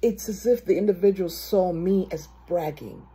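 A woman preaching a sermon in a lively storytelling way, acting out the excited voices of people she quotes. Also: lowish voice, moderate pace, slightly rough. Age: adult.

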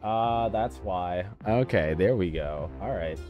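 Low-pitched male streamer, excitable joker, casual gameplay chatter over light background music. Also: slow pace. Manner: excitable, joking, easily sidetracked. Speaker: gamer streamer. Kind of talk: casual let's-play commentary.

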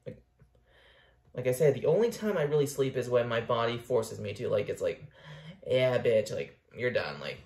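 Tired, foul-mouthed young Canadian vlogger, animated delivery, roomy echo. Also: male voice, mid-range voice, a little fast. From Ontario, Canada. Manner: profane, rambling, swings between outbursts and mumbling. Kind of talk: casual rambling vlog. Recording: echoey room.

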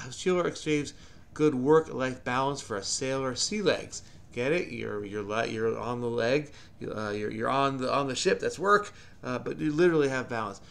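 A man's voice: mid-range voice, gravelly, a bit bright. A man hosting a crossword-solving channel, thinking aloud in a frenetic, rambling way with lots of mumbled asides. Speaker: crossword solver, channel host.

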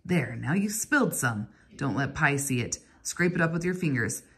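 A woman reading aloud, voicing a kindly, wry old male stonecutter in a storybook, with a low, slightly husky voice. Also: animated, moderate pace, heavily acted. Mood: warning.

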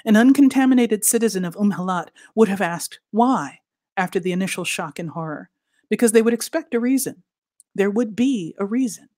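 A woman reading her fiction aloud in a deliberate, expressive way, sinking to soft near-whispers for emphasis. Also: mid-range voice, dry recording, studio quality. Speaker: author reading at a literary event.

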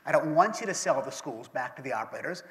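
A middle-aged man on stage as interviewer, telling animated anecdotes and acting out what others said. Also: on the high side, fast. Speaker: interviewer and business partner. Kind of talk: storytelling on stage. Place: lecture hall. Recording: reverberant hall.

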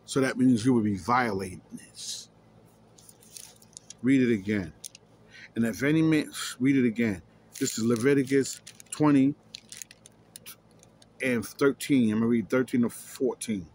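A man's voice: medium pitch, a little slow, pauses often, darkish tone, slight background noise. A man reading scripture aloud and explaining it emphatically, repeating key words and challenging his listeners. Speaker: scripture teacher.

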